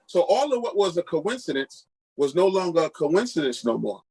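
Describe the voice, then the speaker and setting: A man's voice: fairly high pitch, normal speed, breathy edge, rough recording. A middle-aged man from Queens, a pastor and podcast guest, telling a personal testimony and acting out the voices of the people in it. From Queens, New York. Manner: lively storyteller who acts out quoted dialogue.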